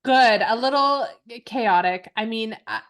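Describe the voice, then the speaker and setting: Woman, 30s, podcast co-host, casual chat, self-mocking, slightly high pitch. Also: fairly bright tone. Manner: chatty, quick laughs, self-mocking.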